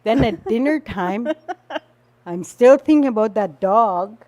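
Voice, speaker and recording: A woman's voice: fairly high pitch, lively intonation, slow, warm tone. An older woman from the Northwest Territories of Canada, casually telling a personal story and laughing often as she goes. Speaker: storyteller guest.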